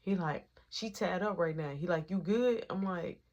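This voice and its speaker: A woman's voice: lowish voice, moderate pace, a little mellow, lo-fi sound. A woman casually telling a long personal story in slang, acting out each quoted line of dialogue in its own voice.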